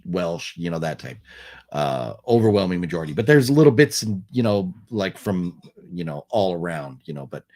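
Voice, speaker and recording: A man's voice: lowish voice, a little mellow. A young American man hosting a casual live stream, talking loosely with lots of fillers and restarts while he reads and answers viewer comments. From United States. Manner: rambling, many fillers and restarts, friendly. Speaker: livestream host. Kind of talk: casual live chat reading super chats.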